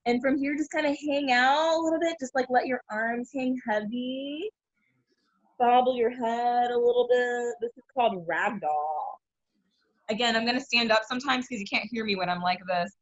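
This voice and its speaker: Woman, kids yoga teacher, encouraging, slightly high voice, dull lo-fi video call audio. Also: normal speed, dry recording. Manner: upbeat, encouraging, laughs often. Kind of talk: playful instruction over video call.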